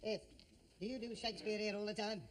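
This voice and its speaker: A man's voice: sits high, steady tone, a little fast, noisy background, lightly acted. A man playing a brash, scheming showbiz agent. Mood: cheeky. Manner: pushy, wheedling, cheeky. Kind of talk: 1950s radio comedy acting.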